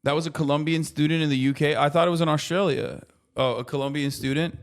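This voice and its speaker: Streamer, American man, 30s, slightly high voice, casual profane commentary to chat. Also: fast talker. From United States. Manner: profane, animated rants to chat.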